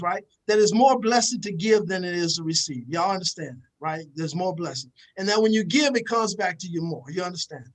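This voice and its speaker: A man's voice: high voice, a bit bright, low-quality recording. Emphatic man giving a preachy motivational talk. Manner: emphatic, repetitive, addresses the audience directly. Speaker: motivational speaker.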